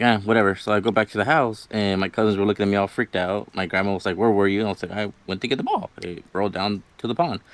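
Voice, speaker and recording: A young man telling a personal ghost story in a casual, rambling way, full of "like" and "you know" and quoting himself. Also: on the low side.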